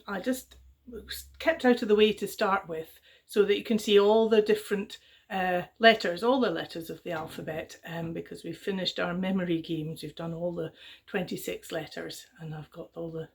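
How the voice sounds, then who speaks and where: A woman's voice: on the low side, fairly even intonation, gravelly. Chatty woman telling a children's story. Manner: gentle, chatty, with fillers and quick voiced quotes.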